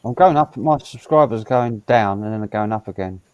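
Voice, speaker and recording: A man streamer in casual banter, talking haltingly with many fillers. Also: fairly low pitch, no echo, highs cut off.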